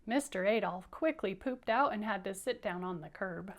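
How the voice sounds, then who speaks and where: A woman's voice: medium pitch, lively intonation, moderate pace. Playful woman teacher reading to kids. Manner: playful, coaxing, prompting listeners to repeat lines. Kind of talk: interactive children's read-aloud.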